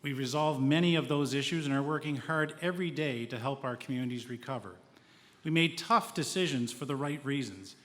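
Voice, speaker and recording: A man who is the sitting mayor gives a steady, measured debate statement, ticking off points one after another. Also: mid-range voice. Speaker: incumbent mayor. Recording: long reverb in a convention hall.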